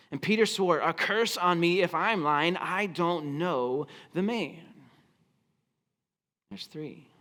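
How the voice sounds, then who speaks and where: A man preaching a sermon as pastor, telling the story expressively and acting out the quoted lines. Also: medium pitch. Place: church auditorium.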